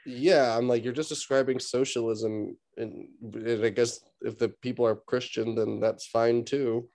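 A man co-hosting a casual conversational podcast, with a middle-pitched, unforced voice. He reads facts aloud in a laid-back way, with small stumbles and restarts. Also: fairly even intonation, measured pace, creaky, a little mellow. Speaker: podcast co-host.

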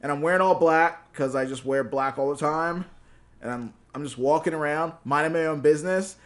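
A man hosting a casual chat, telling stories in an animated way with swearing and laughs. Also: a little high, a little fast.

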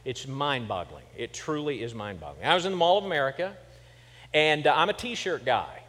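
Speaking a little fast in a mid-range, fairly bright voice with lively intonation, a middle-aged pastor from Kansas preaches in a large hall. Within the church sanctuary, his sermon mixes conversational, humorous stories with points he presses emphatically.

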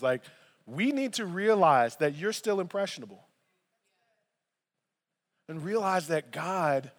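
A man preaching a sermon as pastor, animated and conversational, with frequent asides to the congregation. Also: on the high side, in a large hall. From United States.

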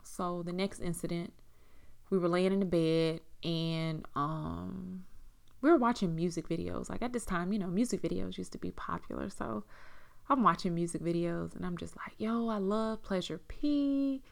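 Young woman, low voice, gravelly fry, frank casual storytelling, curses often, lots of fillers. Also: steady tone, moderate pace. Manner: frank, casual, swears freely, many "like" and "you know" fillers. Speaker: storyteller recounting personal experience. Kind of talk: candid personal storytelling.

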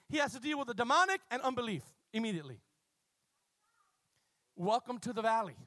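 Male pastor, high voice, fervent sermon with loud peaks and hushed asides, dry close mic. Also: big pitch swings, brisk, pauses often, no room sound. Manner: passionate preaching, swinging from loud bursts to low quiet asides; calls on the congregation to repeat words.

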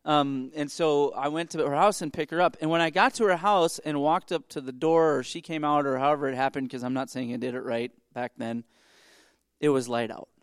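A man's voice: on the high side, fairly even intonation, fairly quick, smooth, no room sound, clean studio sound. A middle-aged man, co-hosting a podcast and telling a long story in casual chat, with many restarts and asides. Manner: rambling, self-interrupting storyteller. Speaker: podcast co-host.

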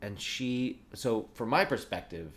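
A man's voice: medium pitch, expressive, a little slow, fairly bright tone. A middle-aged man telling a long personal story in casual talk, full of "like" and restarts. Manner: rambling, lots of "like". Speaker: guest. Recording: faint background noise.

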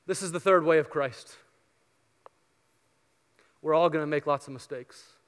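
A male pastor preaching a sermon, telling a story earnestly and then leading a soft prayer. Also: fairly high pitch, measured pace, smooth. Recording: long hall reverb.

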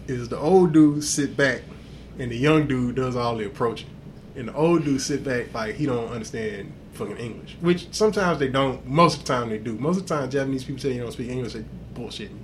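A man's voice: medium pitch, slight background noise. A man hosting a podcast, telling wild stories in casual, profane chat and laughing along as he goes. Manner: animated, profane, laughs through his stories. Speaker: podcast host.

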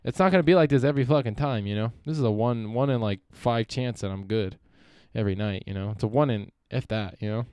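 Talking fast with hardly any pauses, a young man runs his solo podcast, profane and rambling, frequently trailing off and restarting. His mid-range voice is darkish, clear and resonant. The recording is dry, with clean studio sound.

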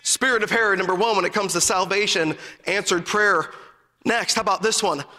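A man preaching a fervent, story-filled sermon in a strikingly high, piercingly bright voice. Every so often he rises into an emphatic shout, and a long hall reverb trails behind each phrase. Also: fairly quick.

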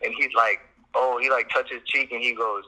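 A man's voice: medium pitch, steady tone, moderate pace, sharp tone, rough recording. A man from Chicago, a musician guest, telling a story in a loose, laid-back way with lots of fillers and swearing. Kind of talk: casual storytelling interview.

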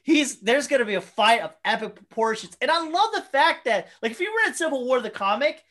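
A woman in casual conversation, talking excitedly with lots of filler words and swearing. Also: fairly high pitch, brisk. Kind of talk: casual chat about a movie.

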